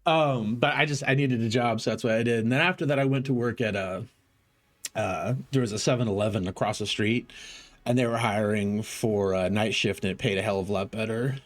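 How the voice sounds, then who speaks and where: A man's voice: fairly low pitch, a little fast. A man streaming, telling a rambling story in casual talk, swearing freely and acting out the voices of people he quotes. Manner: animated, profane, acts out quoted voices.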